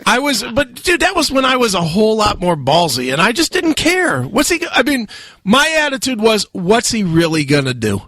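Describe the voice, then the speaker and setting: A man hosting a radio talk show, telling a wild story loudly with lots of swearing and laughter. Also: high-pitched, very animated, moderate pace, no room sound. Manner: loud, profane, laughing storyteller. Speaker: radio host.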